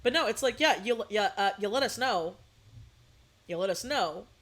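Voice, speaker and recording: A woman's voice: medium pitch, expressive, normal speed. A young woman streaming live, ranting casually to her chat, swearing and laughing between points. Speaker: VTuber streamer.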